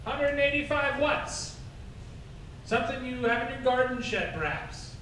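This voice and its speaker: Jokey host with a high bright voice. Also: male voice, animated, moderate pace. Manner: jokey, chatty. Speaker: improv show host. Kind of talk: live improv hosting. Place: brewery taproom stage. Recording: echoey room from far off with crowd noise.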